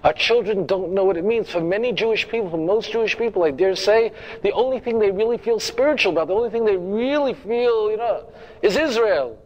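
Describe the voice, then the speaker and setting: Emphatic rabbi, slightly high voice. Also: male voice, brisk, darkish tone, muffled recording. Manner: emphatic, repeats phrases, direct asides to the audience. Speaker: rabbi lecturer. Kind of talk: lecture to a congregation.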